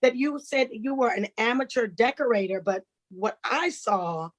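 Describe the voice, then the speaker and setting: A woman's voice: fairly high pitch, expressive, normal speed. A woman, hosting a talk show and gushing over her guest. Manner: effusive, gushing. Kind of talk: enthusiastic interview hosting.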